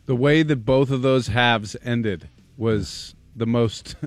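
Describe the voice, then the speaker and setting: A man's voice: mid-range voice, takes it slowly, no echo, faint music behind. A man co-hosting a sports talk show, bantering and arguing in a jokey way.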